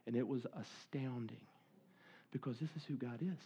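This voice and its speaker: A man's voice: medium pitch, moderate pace, warm tone, husky, dull audio. A man giving a sermon as a conversational, earnest story, acting out quoted dialogue as he goes. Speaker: speaker at a church service.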